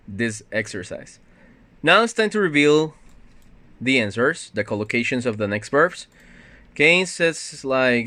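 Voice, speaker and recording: Male ESL teacher, mid pitch, patient walkthrough, dry close mic. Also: sharp tone, no echo. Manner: patient, explains step by step with fillers. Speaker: English teacher. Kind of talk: recorded grammar lesson.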